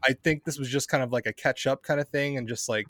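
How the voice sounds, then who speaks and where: A man co-hosting a podcast, summing up an episode in casual chat, halting with many uhs and ums. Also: medium pitch, fairly bright tone, dry recording, studio quality. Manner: halting, full of uh and um. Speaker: podcast co-host.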